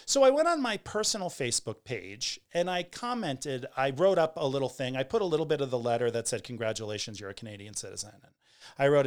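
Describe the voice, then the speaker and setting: A man in his forties, talking candidly to camera in a conversational way, trailing off with pauses and restarts. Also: mid-range voice, sing-song. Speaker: vlogger telling a personal story. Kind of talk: candid personal storytelling.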